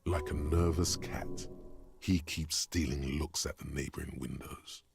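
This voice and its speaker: An actor voicing the deep inner narrator of a detective video game, dry and mocking. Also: male voice, fairly even intonation, measured pace, vocal fry, music in the background, exaggerated voice.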